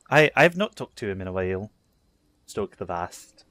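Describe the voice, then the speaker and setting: A man's voice: low voice, big pitch swings, a bit bright, dry recording. A man playing in a tabletop game session, chatting casually and laughing often with his table. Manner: unhurried, laughs often, drops into character asides. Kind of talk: casual actual-play chat.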